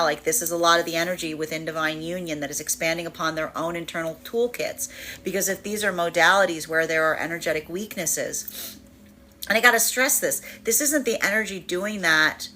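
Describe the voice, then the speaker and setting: A woman's voice: lowish voice, pushed and bright, slight background noise. A woman tarot reader giving a casual, rambling reading, full of fillers and acted-out voices. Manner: rambling, many fillers, acts out voices with laughter.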